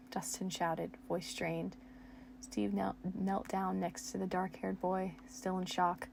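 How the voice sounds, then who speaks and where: A woman's voice: mid-range voice, level tone, slow, gravelly, darkish tone, slight background noise. A young woman reading her old fan fiction aloud at home, making self-mocking asides and laughing at her own writing.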